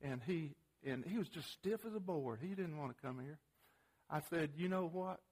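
A middle-aged man with a fairly high voice teaches a parenting group in a folksy, plain-spoken way. He asks the room questions and tells homespun stories, stumbling and restarting when he gets going. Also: slightly rough. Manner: plain-spoken, storytelling, casual grammar; halting restarts when animated.

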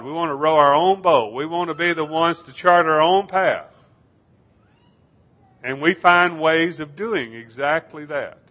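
A man delivers a sermon in measured, emphatic phrases, slowing down to drive each point home. His voice sits at an ordinary middle pitch. The recording is dull and somewhat lo-fi. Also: fairly bright tone. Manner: measured, emphatic preaching with slow stressed phrases. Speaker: preacher.

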